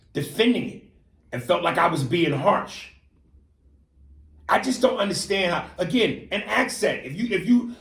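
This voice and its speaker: A man co-hosting a podcast in casual chat, animated and profane, often mimicking accents and slang. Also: fairly high pitch, roomy sound. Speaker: podcast co-host.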